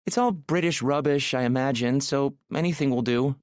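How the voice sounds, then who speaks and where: A man's voice: mid-range voice, normal speed, dry recording, studio quality, pitched above the performer's own voice, natural voice. A male narrator voicing a refined, proud young Italian woman with a rich, silky voice in an audiobook. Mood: relaxed. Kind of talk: audiobook character voice.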